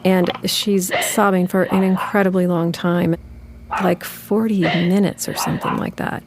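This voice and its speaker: A woman's voice: fairly low pitch, little pitch movement, a little slow, noisy background. A woman telling a personal story in a reflective, conversational way. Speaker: narrator. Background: music.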